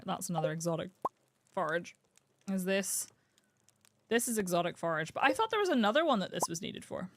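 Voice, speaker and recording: A woman streamer from the UK chatting casually while she plays, thinking aloud and cooing brightly at the game's animals. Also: lowish voice, slight background noise. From United Kingdom. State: has the hiccups. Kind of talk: casual live-stream gameplay chat. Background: game music.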